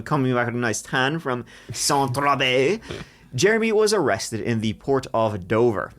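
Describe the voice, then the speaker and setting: A man hosting a true crime podcast, telling the story in a lively way with jokes along the way. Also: mid-range voice. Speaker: podcast host.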